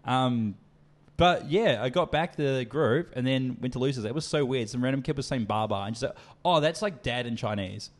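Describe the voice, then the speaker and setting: Young male podcast co-host; rapid, profane, casual storyteller. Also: mid-range voice. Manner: rapid, sweary, full of "like" fillers.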